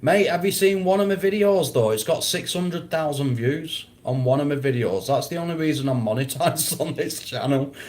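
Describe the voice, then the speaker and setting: A man's voice: medium pitch, darkish tone, slight background noise. A man hosting a casual livestream, chatting with viewers, swearing and laughing a lot. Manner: laid-back, swears a lot, laughs often. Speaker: livestream host. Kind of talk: casual livestream chat reading comments.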